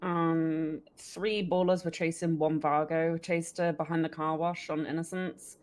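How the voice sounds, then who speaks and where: A woman's voice: low voice, little pitch movement, unhurried, darkish tone. A woman playing a police officer in a role-play, reporting an incident matter-of-factly.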